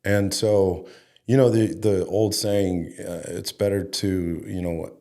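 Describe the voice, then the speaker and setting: Deep-voiced man telling stories casually. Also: steady tone, slow pace, dark tone. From Denver, Colorado, USA. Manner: loose, chatty storytelling with fillers and mild swearing. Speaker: head coach, interview guest. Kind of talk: casual interview storytelling.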